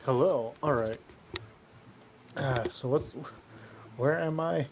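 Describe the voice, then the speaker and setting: A man's voice: mid-range voice, slow, a little mellow. A man playing a tabletop game, speaking hesitantly with frequent ums. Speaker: player. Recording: dull lo-fi audio, faint hiss.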